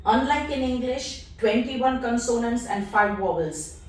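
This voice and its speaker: Slow, echoey woman teaching a lesson. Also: a little high, far from the mic. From India. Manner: patient, spells out letters one at a time. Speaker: language teacher. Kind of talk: slow, deliberate lesson explanation. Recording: echoey room, voice off-mic.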